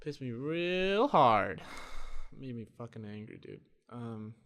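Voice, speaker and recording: A man's voice: mid-range voice, very animated, takes it slowly. Frustrated young man rambling alone. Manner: frustrated, rambling, profane, with many restarts; tends to talk quiet. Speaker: podcast host. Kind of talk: solo rambling monologue. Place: dark room at home.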